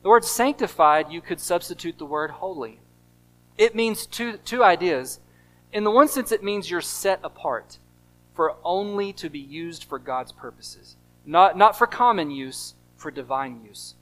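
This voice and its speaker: A male pastor with an American accent preaching a sermon, stressing key phrases over and over and swinging between loud emphasis and quiet asides. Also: high voice, animated, unhurried, low-quality recording.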